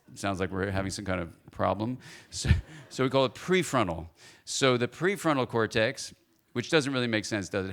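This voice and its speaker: A man speaking as a guest lecturer at a church forum, lively and playful, often asking the audience questions. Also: lowish voice, gravelly.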